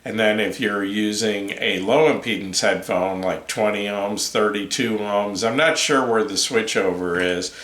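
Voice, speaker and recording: A man talks through a headphone amp review in a slow, unhurried, hesitant way, stopping for ums and uhs as he goes. His voice sits a little low. The room around him adds a noticeable echo. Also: fairly bright tone. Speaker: headphone reviewer, channel host. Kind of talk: casual product review talk.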